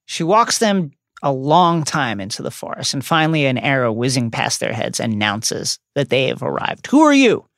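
A woman's voice: rumbling low, normal speed, vocal fry, fairly bright tone, dry recording. A woman co-hosting a book podcast, recapping the story with dry jokes. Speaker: podcast co-host.

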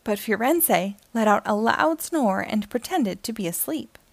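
A woman reads a children's picture book aloud in a gentle, expressive storytelling manner. Her voice sits fairly high with a noticeable vocal fry. The sound is dry and close. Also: unhurried, dry recording.

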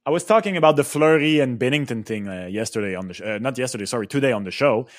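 Animated man giving blunt hockey opinions. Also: medium pitch, fast talker, no room sound, studio quality. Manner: animated, self-correcting, strong opinions. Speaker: podcast guest. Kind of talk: casual sports talk.

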